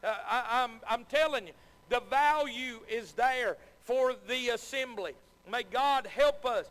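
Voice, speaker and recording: A middle-aged pastor, preaching earnestly in a church and calling out frequent amens. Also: male voice, very high-pitched, fairly bright tone, smooth. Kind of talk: sermon. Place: church sanctuary. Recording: long echo of a church hall.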